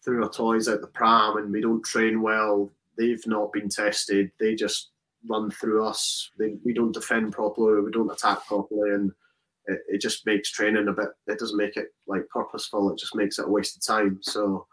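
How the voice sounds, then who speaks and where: A rugby player in his twenties answering interview questions in a relaxed, rambling way, full of restarts and fillers. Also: lowish voice, moderate pace, poor audio. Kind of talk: casual interview chat.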